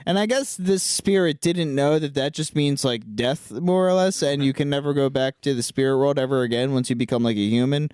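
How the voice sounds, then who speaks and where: A man co-hosting a podcast, recapping a film in casual chat and acting out characters' lines in quick little voices. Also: mid-range voice, darkish tone, smooth, dry recording, clean studio sound. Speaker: podcast co-host.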